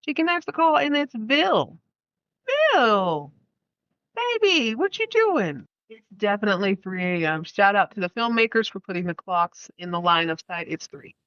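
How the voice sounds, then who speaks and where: A woman podcast host walks through an old film in a loose, joking, slangy way, full of side comments. Her voice sits at an ordinary middle pitch. The recording is close and dry, with no room sound. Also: lively intonation, brisk, few pauses, fairly bright tone, clean tone, no echo, lo-fi sound. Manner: playful, slangy storytelling with asides. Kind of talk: casual film review podcast.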